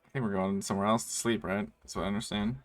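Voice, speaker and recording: Man, tabletop player, low voice, joking, loud bursts, casual swearing. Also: flat delivery, racing, dry recording. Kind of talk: casual tabletop game chat.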